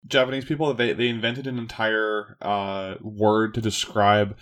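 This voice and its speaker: A man's voice: on the low side, little pitch movement, a little slow, a bit bright. A man co-hosting a podcast, explaining in casual talk full of filler words and restarts. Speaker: podcast co-host. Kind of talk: casual chat.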